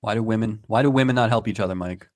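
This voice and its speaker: A man's voice: lowish voice, steady tone, racing, no echo, clean studio sound. A man co-hosting a podcast, recapping an old TV episode in casual chat and laughing often. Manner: laughs often, narrates plot beats. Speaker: podcast co-host.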